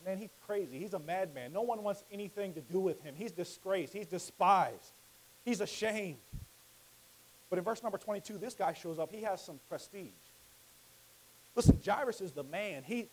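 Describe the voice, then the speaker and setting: Man, high voice, fiery sermon preacher: repeats and builds to shouts. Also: slight background noise, low-quality recording. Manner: swings from quiet teaching to loud impassioned shouting; repetitive, emphatic preaching cadence.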